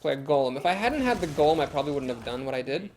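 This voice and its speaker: A man's voice: fairly high pitch, sing-song, very fast, darkish tone, slight background noise. A young man with a Midwestern American accent, chatting and thinking aloud while streaming a card game and answering chat. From Ohio, USA. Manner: chatty, thinks aloud, reads chat comments and laughs easily. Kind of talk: live gameplay commentary.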